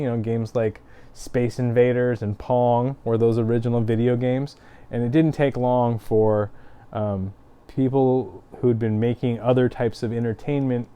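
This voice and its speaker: Mellow-voiced Midwestern man explaining. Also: medium pitch, clean tone. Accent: Midwestern American. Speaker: co-host. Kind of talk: casual chat about games and comics. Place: comic shop.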